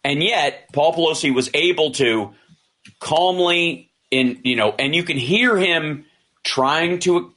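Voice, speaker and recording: A man's voice: a little high, slow pace. A man in casual discussion, retelling events with many restarts and acted-out quotes. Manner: animated retelling, acting out quoted dialogue; frequent restarts and fillers. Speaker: commentator.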